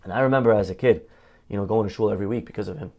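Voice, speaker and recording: A man's voice: on the low side, racing, a little mellow. A man speaking as a rabbi, telling a heartfelt story in a conversational sermon, with many "you know" fillers.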